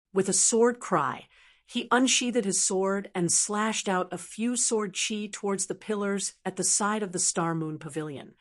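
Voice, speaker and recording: Woman narrator reading a fantasy audiobook, even steady delivery. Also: mid-range voice. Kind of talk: scripted narration.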